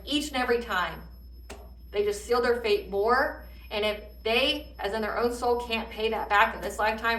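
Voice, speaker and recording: Tarot reader, woman, fiery profane delivery, somewhat high voice, recorded off-mic. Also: sharp tone, far from the mic. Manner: heated, profane, emphatic rant. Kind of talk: channeled tarot reading monologue. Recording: roomy echo, voice a bit off-mic.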